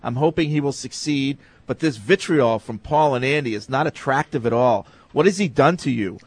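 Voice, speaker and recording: A man's voice: medium pitch, normal speed, no echo. Easygoing man reading listener emails. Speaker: sports talk co-host reading listener emails. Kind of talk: casual sports talk, reading emails aloud.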